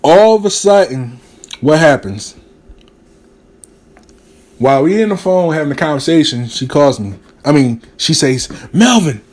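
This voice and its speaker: Profane, animated male storyteller. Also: a little high, unhurried, pauses often. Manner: animated, profane, acts out quotes. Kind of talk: casual storytelling.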